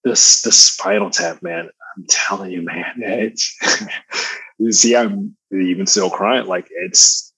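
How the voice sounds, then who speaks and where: A man with a baritone voice chatting as a podcast guest, slangy and laid-back, laughing often. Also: takes it slowly, pushed and bright, breathy edge, dry recording, poor audio. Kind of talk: casual conversational storytelling.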